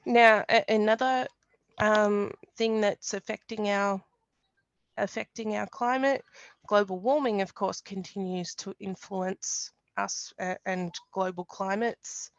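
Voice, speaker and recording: A woman, a climatologist, explains forecasts in a webinar presentation, measured and explanatory, with frequent ums and restarts. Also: mid-range voice, steady tone, no room sound. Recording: dull lo-fi webinar audio.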